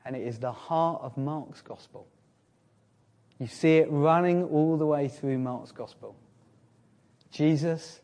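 Man, sermon, higher voice, animated, loud-to-hushed swings. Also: slow pace, long pauses. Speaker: preacher.

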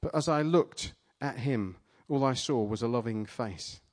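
A man preaching a sermon, retelling a vision in the first person, dramatic at first and then playful and energetic with volunteers in front of a live congregation. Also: mid-range voice, unhurried. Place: church gathering with a live audience.

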